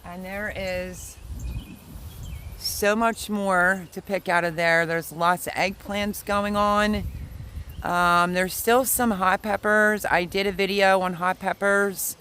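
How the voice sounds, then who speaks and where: A man's voice: sits high, little pitch movement, takes it slowly, pushed and bright. A man hosting a casual livestream from his backyard garden, chatting in a rambling way and answering viewer comments. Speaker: livestream host, home gardener. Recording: noisy outdoor ambience.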